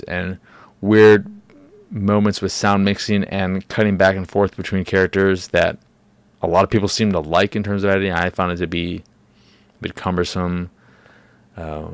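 A man's voice: low-pitched, clean tone, dry recording. A man hosting a solo podcast, ranting in a profane, exasperated way and mocking characters in put-on voices. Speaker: podcast host.

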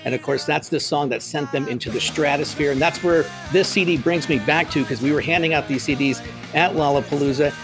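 A man hosts a casual music podcast. His voice sits a little high for a man, and he tells long relaxed stories from memory. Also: fairly quick. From Phoenix area, United States. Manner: relaxed storytelling, reminiscing. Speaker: podcast host.

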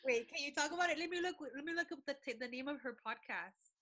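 A woman co-hosting a casual podcast chat, telling stories in a lively way, often stopping to correct herself and laughing. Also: high-pitched, fast, no echo. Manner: lively storyteller who backtracks and corrects herself; laughs often, switches languages mid-sentence. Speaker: podcast co-host.

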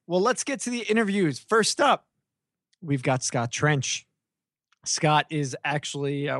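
A man's voice: medium pitch, creaky, dry recording, clean studio sound. A man hosting a podcast interview in casual chat, teasing his guest and often restarting his sentences. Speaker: podcast host.

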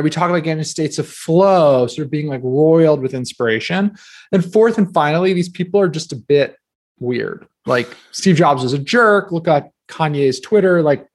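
Guest spot: man in his 30s from new jersey, fairly high voice, talkative and loose, lots of fillers. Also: expressive. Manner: chatty, quick, filler-heavy with many "like"s. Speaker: guest author. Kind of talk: casual podcast interview.

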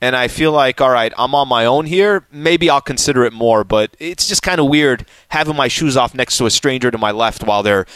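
A man's voice: medium pitch, brisk, few pauses, clear, resonant tone, dry recording. Playful male podcast host, dry close sound. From San Diego, California. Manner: animated, playful, talks through stories with asides. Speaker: show host. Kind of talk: casual chat.

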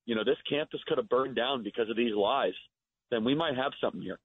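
A man's voice: mid-range voice, quick pace, breathy edge, no echo. Man on a tinny phone line. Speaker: guest, activist. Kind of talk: radio interview.

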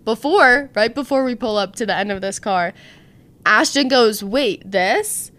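A woman's voice: a little high, unhurried. A young woman hosting a podcast, telling a story in casual chat and acting out the quotes. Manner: animated storyteller, acts out quotes. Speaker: podcast host.

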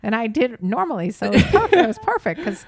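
A woman's voice: fairly high pitch, big pitch swings, fast talker, creaky, crowd noise. A middle-aged woman and mother, chatting candidly on a podcast, laughing often as she tells bawdy stories. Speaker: podcast guest, author and mother. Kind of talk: casual podcast chat.

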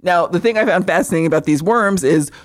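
A woman co-hosting a podcast, recapping a movie in casual chat, swearing freely and animated. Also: lowish voice, fast talker. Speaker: podcast co-host.

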